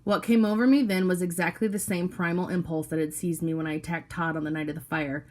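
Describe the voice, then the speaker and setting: A woman reads a novel aloud in the first person. Her storytelling is steady and low-key, set in a lowish register. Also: quick pace. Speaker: audiobook reader.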